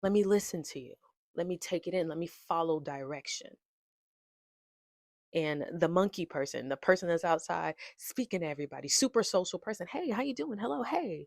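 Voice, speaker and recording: A woman's voice: low voice, no room sound, clean studio sound. A young adult woman hosting her own podcast, talking in a chatty, playful way and laughing often. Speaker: podcast host. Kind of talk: casual chat.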